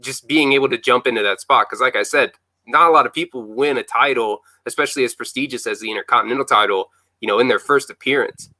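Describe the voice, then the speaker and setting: A man's voice: mid-range voice, fast, sharp tone, no echo, low-quality recording. A man hosting a casual interview, asking enthusiastic, admiring questions. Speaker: podcast host.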